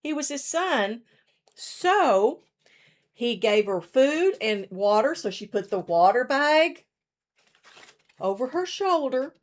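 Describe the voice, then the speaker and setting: A woman's voice: sits high, very animated, slow pace, pauses often. A woman leading a children's story hour in a church, retelling a story while acting it out with her fingers and showing a craft.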